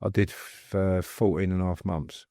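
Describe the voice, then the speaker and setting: A man's voice: sits low, steady tone, normal speed, warm tone, no echo, clean studio sound. A middle-aged man, a guest recounting stories in a rambling, anecdotal way. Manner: rambling, anecdotal, laughs while telling stories. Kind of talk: casual storytelling interview.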